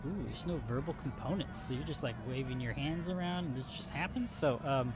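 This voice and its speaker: A man narrating a tabletop game as game master, animated and quick to laugh. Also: mid-range voice, over loud music.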